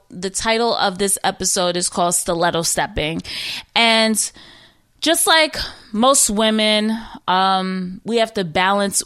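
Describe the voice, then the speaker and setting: A woman hosting a podcast, chatting casually with a friend, animated and swearing freely. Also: mid-range voice, clear, resonant tone, dry recording. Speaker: podcast host. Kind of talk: casual chat.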